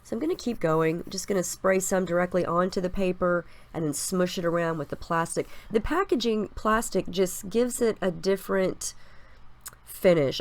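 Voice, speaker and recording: A woman with a stuffy cold, chatting upbeat through her scrapbooking steps in a casual voice-over. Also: lowish voice. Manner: chatty and upbeat, explaining each step. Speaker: scrapbooking crafter. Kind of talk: casual process video voice-over.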